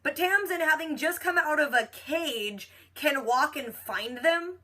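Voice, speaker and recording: A young woman rattles through an episode recap in a casual, animated way, acting out the characters' lines as she goes. Her voice sits a little high and sounds bright and clear. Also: measured pace. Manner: chatty, animated retelling with quoted dialogue and lots of "like". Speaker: reaction channel host.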